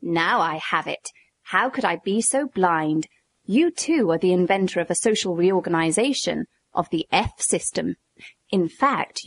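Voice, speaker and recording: A woman narrating a classic essay written as a dialogue, with a lively, theatrical reading. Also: medium pitch, husky, no room sound. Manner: lively, theatrical reading with raised questioning tones. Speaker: audiobook narrator.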